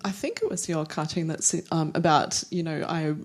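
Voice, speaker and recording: A woman's voice: low-pitched, fairly even intonation, moderate pace. A woman hosting a panel discussion, conversationally prompting the guests with questions. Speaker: panel host and curator.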